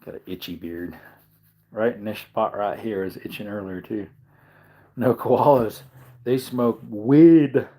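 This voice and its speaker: A man with a lowish, warm voice speaks a little slowly as he hosts a casual livestream. Sleepy and yawning, he reads out chat messages, rambling, chuckling and musing as he goes.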